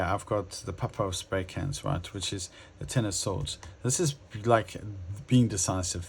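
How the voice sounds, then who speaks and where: A man with a fairly low voice talks through a tarot reading at an easy, casual pace. He muses aloud and hesitates often, restarting his thoughts as he speaks directly to his viewers. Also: slight background noise. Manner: musing, hesitant, many fillers and restarts. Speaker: tarot reader.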